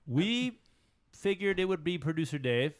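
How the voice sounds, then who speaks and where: A man's voice: fairly high pitch, sing-song, unhurried, clear, resonant tone. A man co-hosting a podcast, talking casually and joking, often restarting his sentences. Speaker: podcast co-host. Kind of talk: casual chat.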